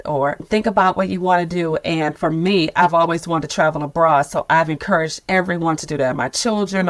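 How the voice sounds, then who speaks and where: A woman's voice: lowish voice, no room sound. Candid, laughing woman in her 50s. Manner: candid, expressive storytelling with frequent laughter. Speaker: nonprofit leader on sabbatical fellowship. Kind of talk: podcast conversation.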